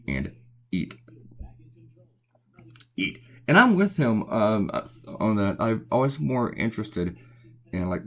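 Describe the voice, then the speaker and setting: A cartoonist with a Southern accent and a low-set, darkish voice chats in a rambling, easygoing way while he draws and takes viewer comments. The live drawing chat happens at home at night, and he keeps it quiet to avoid waking others.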